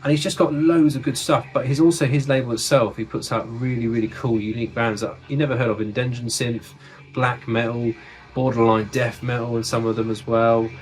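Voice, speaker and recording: A man's voice: medium pitch, fairly even intonation, a little fast. A man from the United Kingdom casually showing off his record collection, enthusiastic and swearing freely. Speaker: music collector vlogger.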